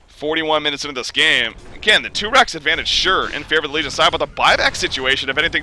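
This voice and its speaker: A young man casting an esports match, his voice worn hoarse from being under the weather, climbing into shouts when fights break out. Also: fairly high pitch, lively intonation, fast, slight background noise. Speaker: esports caster. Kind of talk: play-by-play esports commentary.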